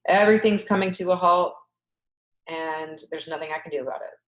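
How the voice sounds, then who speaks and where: Leading a group webinar from home, a woman with a deep voice runs a tapping session, emphatically voicing affirmations for repetition and sighing along. She talks a little fast into a video call webcam. The room is echoey and the audio poor.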